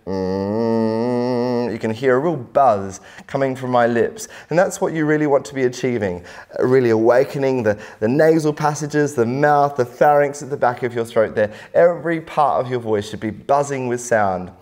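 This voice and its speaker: Calm male vocal coach teaching warm-ups. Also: medium pitch, moderate pace. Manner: calm, encouraging explanations with sung demonstrations. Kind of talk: instructional vocal warm-up lesson.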